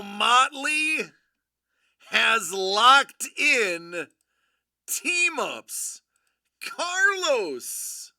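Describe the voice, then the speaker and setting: A live stream host giving excitable commentary, giddy and prone to laughing and shouting in bursts. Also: medium pitch, very slow, long pauses, no room sound, studio quality.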